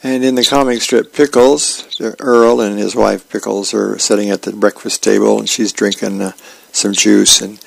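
A man reading newspaper comic strips aloud on the radio at a steady pace, acting out the characters. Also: fairly low pitch, moderate pace, vocal fry, dry recording, low-quality recording. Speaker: radio reader.

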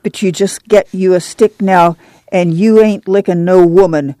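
A woman's voice: lowish voice, fairly even intonation, unhurried, mellow, dry recording, close to an everyday voice. Woman reading a stern, unbending farm mother. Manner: firm, blunt, plain-spoken rural drawl. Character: tough, determined mother of a poor migrant family. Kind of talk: audiobook reading of a novel.

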